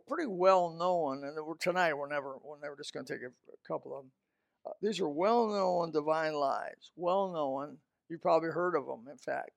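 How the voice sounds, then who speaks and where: High gravelly preacher, close and dry. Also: male voice, no room sound. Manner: emphatic, swings from loud outbursts to low asides. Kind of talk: sermon.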